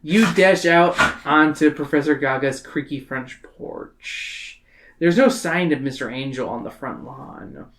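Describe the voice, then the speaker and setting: Kinda drunk woman reading a book out loud, bouncy voice, stumbles a bit. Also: low-pitched, expressive, a little slow. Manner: loose, joking, trips over words. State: tipsy. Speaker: podcast host reading aloud. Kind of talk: tipsy casual read-aloud.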